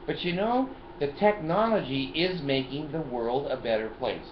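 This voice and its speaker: A man's voice: a little high, normal speed. Older male vlogger in his car, jokey, talkative, salty language; roomy, muffled recording. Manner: chatty, laughs often, jokey and profane. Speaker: video host. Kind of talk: casual vlog, showing his phone and car gadgets. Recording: roomy, dull lo-fi sound, faint noise.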